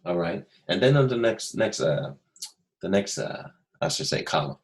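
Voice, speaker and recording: A man teaching a recorded first grade phonics lesson, slow and patient, repeating steps and asking young pupils questions. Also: sits low, expressive, poor audio.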